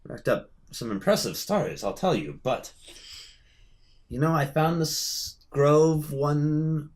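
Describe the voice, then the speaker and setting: A man's voice: on the high side, lively intonation, takes it slowly, voice pushed up. A man voicing a cheerful old woman, a retired adventurer turned hermit druid, with a folksy, rambling, hospitable manner. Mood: reminiscing. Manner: warm, folksy, rambling hostess.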